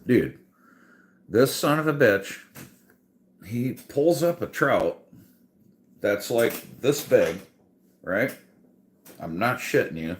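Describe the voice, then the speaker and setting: Man, casual podcast rant, profane, exasperated, slow delivery, swinging pitch. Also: a little hiss or hum. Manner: animated, laughs often. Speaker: podcast host.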